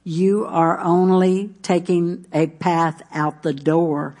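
A woman's voice: lowish voice, steady tone, slow pace, darkish tone. A middle-aged woman, preaching a sermon in a conversational way, with asides and restarts aimed at the congregation. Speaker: pastor.

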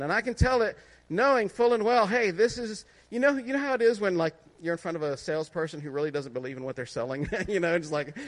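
Middle-aged male preacher, high voice, loose conversational testimony style with frequent laughs. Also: fairly bright tone. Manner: conversational, laughs often, asks listeners "right?". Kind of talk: testimony sermon.

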